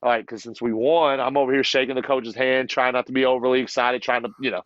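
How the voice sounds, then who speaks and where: A man in a podcast interview, a basketball coach telling a story with animation, often laughing and acting out what others told him. His voice sits at an ordinary middle pitch. The recording sounds a little muffled and dry. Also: level tone, quick pace, no room sound. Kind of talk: casual storytelling.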